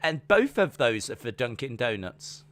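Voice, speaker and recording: A man's voice: medium pitch, sing-song, normal speed, a bit bright. A man co-hosting a podcast, chatting casually in a playful, teasing way. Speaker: podcast co-host. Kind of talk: casual chat.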